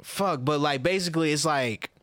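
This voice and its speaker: A man's voice: on the high side, no room sound. A man co-hosting a podcast, telling loose, profane stories in casual chat and jumping his voice around as he goes. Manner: loose, profane, animated storytelling with quick voice shifts. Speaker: podcast co-host.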